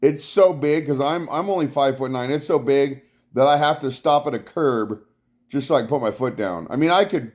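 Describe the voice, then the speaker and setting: A man's voice: mid-range voice, moderate pace. A man hosting a casual live stream from his couch at home, greeting viewers by name and rambling about his rides. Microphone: clip-on mic worn from bike riding.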